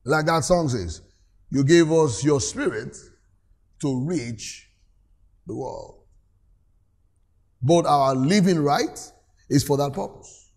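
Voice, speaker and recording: A man delivering a church sermon, his voice sitting a little higher than most men's. He reads scripture passages aloud and keeps pressing the congregation to answer him back. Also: expressive, takes it slowly, pauses often, darkish tone. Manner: preaches with call-and-response, reads scripture aloud. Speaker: pastor.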